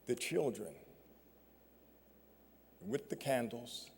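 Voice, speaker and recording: A man giving a storytelling speech at an awards ceremony, measured and full of dramatic pauses, on a stage microphone. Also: mid-range voice, lively intonation, a little mellow, a little hiss or hum. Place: large performing arts hall. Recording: long reverb of a large hall.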